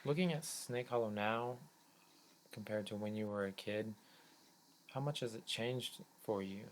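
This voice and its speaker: A man casually interviewing his mother with relaxed, teasing questions. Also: lowish voice, a little slow. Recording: echoey, picked up from a distance.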